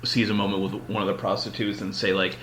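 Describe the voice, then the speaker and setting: A man's voice: lowish voice, little pitch movement, fast talker, fairly bright tone, slight background noise. A man hosting a podcast, retelling a long story in casual chat, rambling and full of filler words. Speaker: podcast host.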